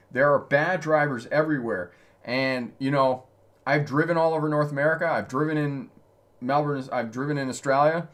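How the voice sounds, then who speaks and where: A man's voice: fairly high pitch, fairly bright tone. A male driving instructor answering viewer questions on a live stream, talking in a conversational way and laughing often.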